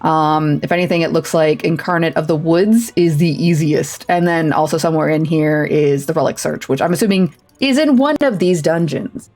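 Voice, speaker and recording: A woman's voice: low voice, normal speed, hardly any pauses, darkish tone, faint music behind. A woman streaming a video game, chatting casually and thinking aloud with self-deprecating asides. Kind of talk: casual let's-play commentary.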